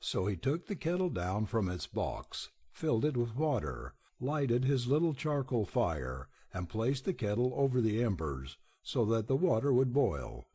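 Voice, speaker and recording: A man narrating a children's folk tale with expressive storytelling. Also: mid-range voice, a little slow, few pauses, husky. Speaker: audiobook reader.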